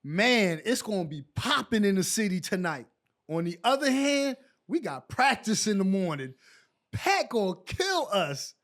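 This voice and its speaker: A man's voice: high-pitched, moderate pace. A man in his forties, a former basketball player, telling stories in a casual interview and acting out what others said. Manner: animated storyteller acting out quotes.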